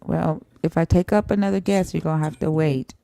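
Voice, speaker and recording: Young woman streamer going off, swears a lot, low gravelly mellow voice, real blunt and confrontational. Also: steady tone, brisk, no echo. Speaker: live stream host. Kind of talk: heated live-stream debate.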